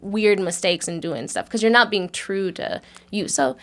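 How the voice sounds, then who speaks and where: A young woman, a dance teacher, talking as a guest on a casual podcast, animated and quick to laugh. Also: mid-range voice. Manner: animated, laughing often, talks with emphatic asides.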